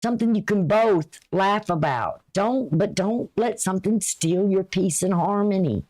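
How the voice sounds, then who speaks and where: This astrology and tarot reader talks at an unhurried pace in a medium-pitched, darkish voice. Her reading is folksy and casual, chatty and advice-giving, with a runny nose audible.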